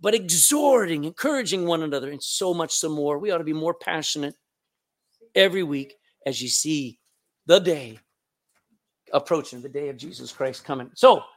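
Texan pastor preaching in a church. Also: male voice, on the high side, lively intonation, normal speed. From Texas. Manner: emphatic, repeats words, call-and-response. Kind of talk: sermon. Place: church sanctuary.

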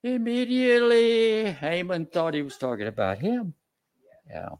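A man's voice: a little high, very animated, moderate pace. A man preaching a sermon, retelling a scripture story in a folksy, conversational way. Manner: folksy, conversational, with chuckles and restarts.

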